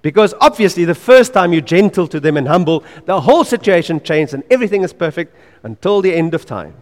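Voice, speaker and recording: A man's voice: sits high, very animated, a little fast. Earnest preacher man in an echoey hall. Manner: earnest and emphatic, repeating key phrases, dropping to quiet asides. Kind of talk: sermon.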